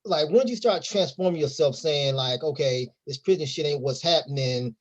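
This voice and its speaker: A man's voice: a little high, normal speed, highs cut off. A man hosting an interview who asks long questions in a loose, rambling way and restarts his words. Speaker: interview host.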